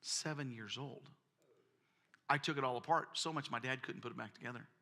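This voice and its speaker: A man's voice: mid-range voice, brisk, bright, forceful tone. A man preaching a sermon, telling folksy personal stories and often repeating words. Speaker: pastor.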